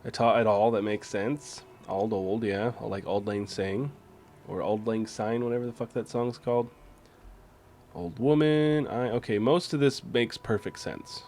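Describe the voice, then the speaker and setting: A man's voice: fairly low pitch, fairly even intonation, unhurried, a little mellow, a little hiss or hum. A man streaming a game, commenting casually, swearing freely and reading on-screen text aloud.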